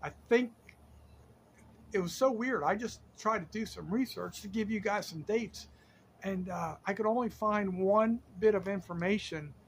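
A man's voice: high-pitched, moderate pace, slight background noise. A middle-aged man from Delaware casually telling a true story, rambling with lots of fillers and self-corrections. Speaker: storyteller host.

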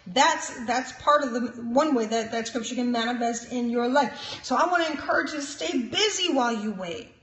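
High-voiced woman preaching in an echoey room. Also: moderate pace, few pauses, a bit bright, slight background noise. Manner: emphatic preaching with frequent "praise God" and chuckles. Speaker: prophet and minister. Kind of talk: sermon-style teaching. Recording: roomy echo.

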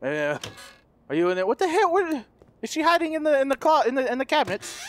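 A man doing playful let's play commentary, goofy and loud, who repeats lines and yells when startled. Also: big pitch swings, fast talker. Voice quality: high-pitched comedic voice. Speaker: gaming YouTuber.

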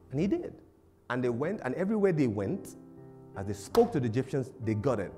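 A man preaching a sermon as a pastor, animated and humorous, laughing often and acting out little voices. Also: fairly high pitch, a little fast, soft background music. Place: church service.

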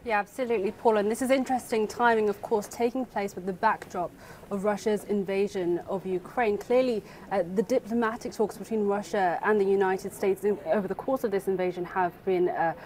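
A woman correspondent with a mid-range voice reporting live for the news. She speaks in a measured way, with a faint ambient hum behind her. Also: mid-range voice, fairly even intonation, darkish tone.

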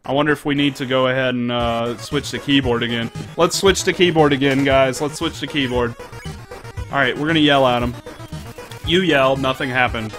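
A man's voice: mid-range voice, moderate pace, fairly bright tone, faint music behind. A man streaming a video game, joking with viewers and reading the game's text aloud. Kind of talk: let's play commentary.

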